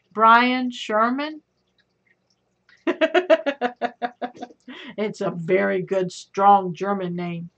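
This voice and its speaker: A woman's voice: medium pitch, bright, forceful tone. A middle-aged woman hosting a livestream, chatting with viewers and reading their comments, calling them sweetheart and honey. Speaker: livestream host. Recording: dull lo-fi stream audio.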